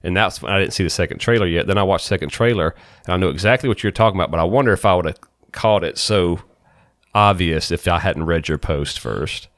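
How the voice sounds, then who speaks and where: A man with a very deep voice co-hosts a laid-back podcast, rambling easily and laughing often. The sound is close and dry, with no room echo. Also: fast talker, a bit bright. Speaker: podcast co-host. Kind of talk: casual chat.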